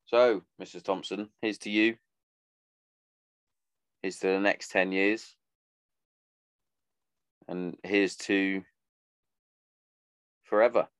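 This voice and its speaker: A man's voice: low voice, smooth, dry recording, clean studio sound. A man in his thirties hosting a podcast, rambling casually with lots of swearing and some sentimental asides. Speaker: podcast host. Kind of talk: casual monologue.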